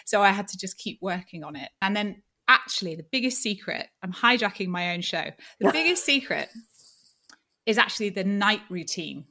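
A woman hosting an interview show, chatting with animated enthusiasm. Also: mid-range voice, fairly quick, hardly any pauses. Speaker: podcast host. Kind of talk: casual interview chat.

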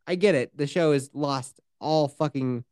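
This is a podcast co-host in loose, swearing, animated chat, recapping scenes and breaking into quick voices for the characters. The voice sits at an ordinary middle pitch, recorded dry and close with no room sound. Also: clean tone, no echo. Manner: profane, animated retelling with quoted voices.

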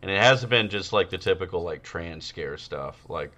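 A man's voice: sits low, lively intonation, normal speed, bright, forceful tone. A man co-hosting a podcast, chatting crudely and rambling with many fillers. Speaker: podcast co-host. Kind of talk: casual comedic chat.

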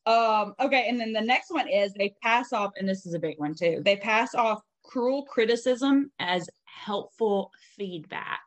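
Young woman host, casual podcast chat, swears freely, blunt and lively. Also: mid-range voice, a little slow, hardly any pauses. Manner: blunt, profane, animated storytelling.

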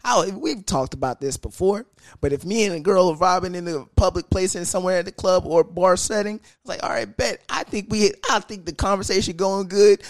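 A young man hosting a podcast, talking in a crude, animated, comedic monologue that keeps jumping into high sing-song bits. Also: brisk, dry recording. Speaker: podcast host.

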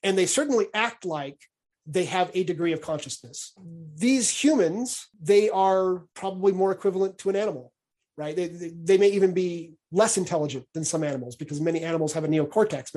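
A man's voice: high-pitched, a little mellow. A man hosting a podcast, explaining ideas in a casual discussion and often restarting and repeating words as he thinks aloud. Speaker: podcast host.

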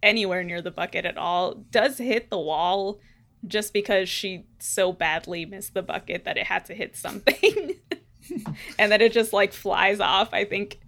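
A woman describes her character's moves in a tabletop game, laughing often as she talks. Her voice sits at a middle pitch and stays animated. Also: normal speed, vocal fry. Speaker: player. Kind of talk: casual tabletop role-play.

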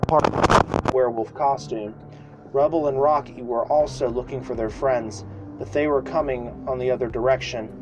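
A man reads a homemade children's story aloud at a moderate pitch. He trips over words and restarts lines in a casual, unpolished read. Faint music plays behind him. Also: steady tone, moderate pace, poor audio. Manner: reads with slips and restarts, shouting the screams. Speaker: storyteller reading a fan story.

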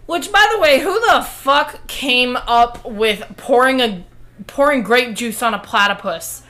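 A woman's voice: fairly high pitch, lively intonation, unhurried, fairly bright tone. A woman co-hosting a podcast, blunt and wry in casual chat, dropping curses. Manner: blunt, swears, wry asides. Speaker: podcast co-host.

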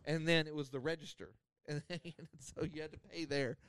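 A man's voice: a little high, fairly even intonation, brisk, a bit bright, smooth, no echo. A man, telling a rambling story on a podcast with lots of laughter. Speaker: podcast host. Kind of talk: casual storytelling.

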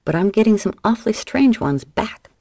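A woman's voice: medium pitch, lively intonation, moderate pace, creaky, a little mellow, no echo, pitched above the performer's own voice. A woman voicing a wry, nervous male gambler with dry wisecracks.

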